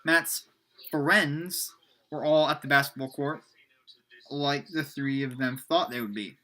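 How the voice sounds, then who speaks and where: A young man casually reading his own old story aloud, halting and self-mocking with many restarts. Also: fairly high pitch, sharp tone. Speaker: reader of his own book. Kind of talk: casual read-aloud with commentary.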